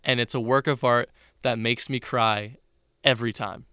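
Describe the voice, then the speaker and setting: Young guy in casual chat, rambling storyteller, bright tone, dry sound. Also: mid-range voice, fairly even intonation, normal speed, smooth, no room sound. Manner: rambling, filler-heavy retelling with restarts.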